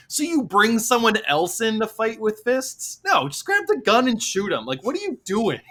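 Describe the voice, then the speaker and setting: A man co-hosting a podcast, reviewing a bad movie in an animated, exasperated way, laughing often. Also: sits high, moderate pace, few pauses. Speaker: podcast co-host. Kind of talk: casual movie review chat.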